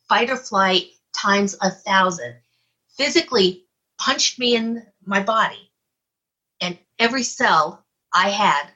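Casual guest storyteller, a woman with a husky, bright voice, lively and expressive. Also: mid-range voice, highs cut off. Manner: animated, acts out her own reactions. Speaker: guest, UFO investigator.

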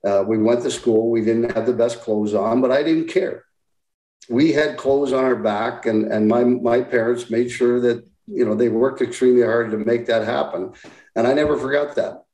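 Mellow-voiced man in his sixties, echoey. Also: medium pitch. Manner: plain-spoken, halting, reflective. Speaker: interview guest, former hockey player. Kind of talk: casual interview talk.

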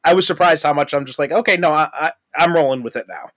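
A man's voice: fairly high pitch, fast, crowd noise. A man hosting a podcast, chatting in a laid-back way with plenty of fillers. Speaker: podcast host. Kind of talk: casual chat.

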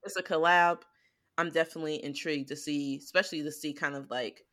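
Low-pitched laid-back woman co-host. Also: fairly even intonation, quick pace, a bit bright. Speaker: podcast co-host. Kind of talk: casual chat.

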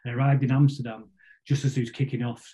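A man's voice: mid-range voice, level tone, quick pace, warm tone, poor audio. A middle-aged man, a podcast guest telling long stories that ramble along with frequent restarts and repeated words. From Salford, England. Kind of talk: casual storytelling interview.

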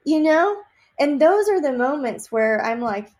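A woman from Texas, a psychic medium, chatting in an interview and telling lively stories with many fillers and laughs. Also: high-pitched, measured pace, slight background noise. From Austin, Texas. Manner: animated storyteller, laughs often, many fillers. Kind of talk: casual interview chat.

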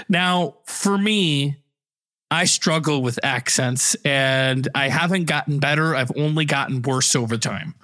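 A man hosting an improv podcast in casual chat, easygoing and quick to laugh. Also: a little high, bright, forceful tone. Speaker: podcast host.

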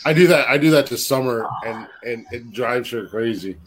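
A man's voice: medium pitch, moderate pace, a little hiss or hum. A man co-hosting a podcast, bantering crudely, swearing and laughing often as he tells stories. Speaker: podcast co-host.

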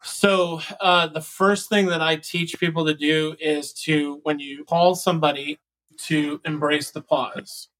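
Co-host, male, bright and somewhat high voice, animated sales coach who acts out calls. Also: a little slow, low-quality recording. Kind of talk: casual podcast chat.

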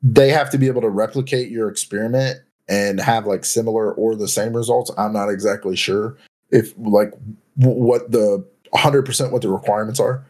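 Young man, casual podcast talk, hedging, lowish pitch. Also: steady tone, normal speed, darkish tone. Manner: hedging, says "like" and "right?" often. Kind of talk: casual chat.

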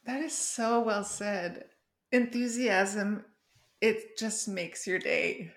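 A woman hosting a casual conversation, an animated storyteller who laughs often. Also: mid-range voice, slow pace. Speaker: podcast host.

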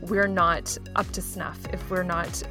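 A woman's voice: on the low side, flat delivery, measured pace. Woman podcast co-host, friendly, affirming, faint music under her. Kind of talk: casual chat.

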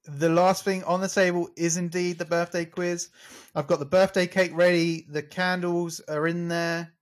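A man's voice: sits high, level tone. A man co-hosting a casual chat show, joking around playfully and stretching out his punchlines. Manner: playful, jokey, drawn-out punchlines. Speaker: co-host.

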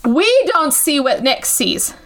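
Young woman, high voice, very lively pitch, sarcastic, swears a lot, casual movie recap. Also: takes it slowly. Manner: animated, sarcastic, swears freely, acts out characters. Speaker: podcast host recapping a movie.

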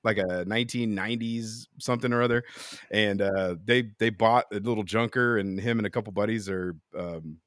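With a lowish voice, fairly even intonation and a moderate pace, this podcast co-host sounds a bit bright. There is no echo and the studio sound is clean, while his casual talk rambles with frequent fillers and restarts.

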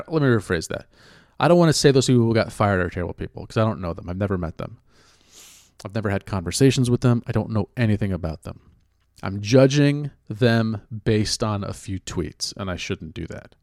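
A man hosting a podcast, talking through his thoughts in a reflective, measured way and often rephrasing himself. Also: mid-range voice, a little mellow, no room sound, clean studio sound. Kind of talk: casual spoken commentary.

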